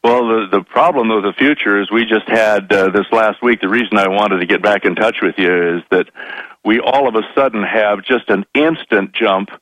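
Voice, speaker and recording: A man's voice: fairly low pitch, normal speed, a bit bright, dry recording. A man joining a talk radio show as a guest, explaining plainly over a phone line. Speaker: call-in guest.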